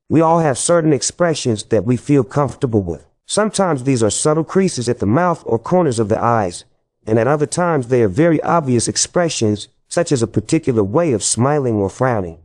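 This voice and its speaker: A man reading a nonfiction audiobook in an even, instructive narration style. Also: medium pitch, dry recording, studio quality.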